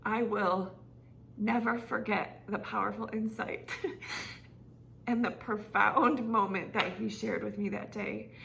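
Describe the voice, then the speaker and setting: A middle-aged woman, an online fitness coach, giving her members a heartfelt update and telling a personal story in an earnest, gently emotional way. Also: mid-range voice, steady tone, takes it slowly, creaky, a little hiss or hum.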